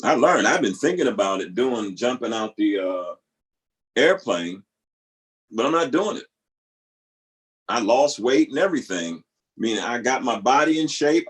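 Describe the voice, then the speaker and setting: A middle-aged man telling a family story in a casual monologue, lively, now and then jumping into high squealing voices for people he quotes. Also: poor audio. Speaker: vlogger.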